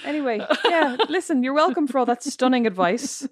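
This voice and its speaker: A woman co-hosts a podcast, telling stories at a rapid clip. She laughs easily and pokes fun at herself, and she sits close to a dry mic. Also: sits high, animated, dry recording. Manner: chatty, laughing, self-mocking. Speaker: podcast co-host. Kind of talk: casual chat.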